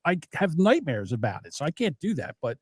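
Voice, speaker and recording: Lively, exasperated ranting man. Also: fairly high pitch, brisk, husky, dry recording, clean studio sound. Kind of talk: casual podcast chat.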